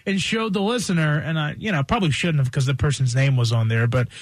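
A man co-hosting a morning radio show, telling relaxed stories with fillers. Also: fairly high pitch, fast, no room sound. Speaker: radio co-host. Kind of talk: casual morning radio chat.

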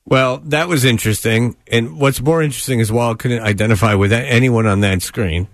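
A man's voice: medium pitch, brisk, no echo, studio quality. A man hosting a sports radio show, cracking jokes and laughing through casual banter. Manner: wisecracking, laughs often. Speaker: radio host.

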